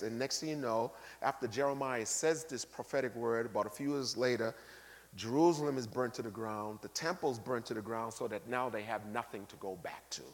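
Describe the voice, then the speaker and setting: A man preaching a sermon as bishop, animated, acting out the people he quotes, swinging between loud bursts and quiet asides. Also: mid-range voice, moderate pace. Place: large church sanctuary. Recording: long reverb of a large hall.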